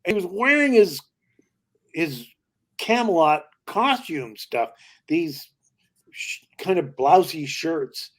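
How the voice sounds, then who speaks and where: An older male comedian as a podcast guest, telling long showbiz stories in a lively way and slipping into character voices. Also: a little high, slow pace, pauses often. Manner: lively raconteur who slips into character voices. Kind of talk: anecdotal storytelling.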